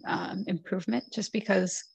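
A woman hosting a podcast in easygoing chat, saying "like" a lot and laughing easily. Her voice has a gravelly edge. The recording is dry and close. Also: medium pitch, steady tone, normal speed, no room sound, low-quality recording. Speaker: podcast host. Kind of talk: casual chat.

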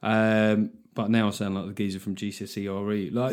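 A man's voice: lowish voice, flat delivery, fairly quick, a little mellow, smooth. A man hosting his own podcast, talking through the week's news in a sweary, sarcastic, comic rant. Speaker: podcast host and comedian. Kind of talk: casual solo podcast monologue.

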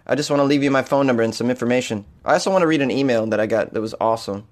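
A man with an American accent hosting a comedy podcast, ranting in an animated, jokey way with casual swearing. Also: mid-range voice, very fast.

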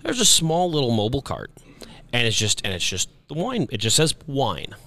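A man from Kansas City, a radio host, telling an animated story in casual chat and acting out his own reactions. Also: mid-range voice, normal speed.

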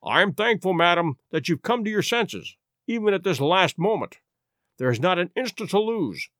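A man's voice: sits high, big pitch swings, fairly bright tone, no echo, clean studio sound. A man reading a commanding Victorian detective. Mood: firm. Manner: firm, measured, brisk when urgent. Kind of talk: audiobook reading.

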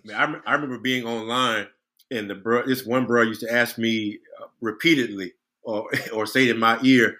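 A man's voice: medium pitch, normal speed, sharp tone. A man on a podcast, reflecting and telling a personal story in casual chat, often restarting his sentences. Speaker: podcast co-host.

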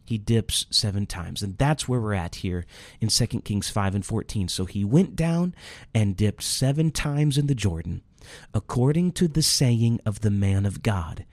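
Dry-voiced man preaching, animated storyteller. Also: lowish voice, measured pace, no room sound. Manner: animated storytelling, acts out the characters' lines. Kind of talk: sermon teaching on a Bible story.

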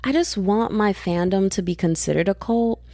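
A young woman from Texas hosting her own podcast in casual, rambling, slangy chat that keeps jumping up in pitch when she gets excited. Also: normal speed, no room sound. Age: young adult. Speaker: podcast host.

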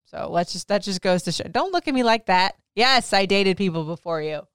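A woman's voice: medium pitch, a little fast, clear, resonant tone, no room sound. Candid woman chatting with a close, dry sound. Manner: candid, laughing, lively storytelling. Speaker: podcast host. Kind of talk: casual personal chat.

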